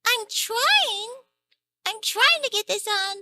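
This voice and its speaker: A woman voicing a tiny, cute female secretary in a cartoon, squeaky and fluttery. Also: animated, takes it slowly, pushed and bright, heavily acted. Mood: flustered.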